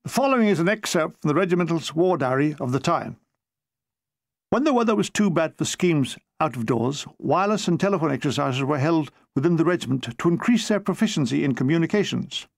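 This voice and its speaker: A man reads his own comic war memoir with a dry, deadpan delivery. His voice sits fairly high for a man. The sound is close and dry, with no room echo. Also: a little fast, creaky. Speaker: author reading his memoir.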